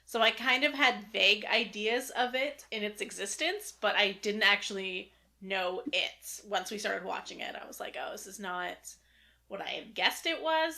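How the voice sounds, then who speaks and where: A woman's voice: on the high side, bright, forceful tone. A woman co-hosting a podcast, rambling casually and hedging with "kind of". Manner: rambling, hedging with 'kind of'. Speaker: podcast co-host. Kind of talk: casual chat.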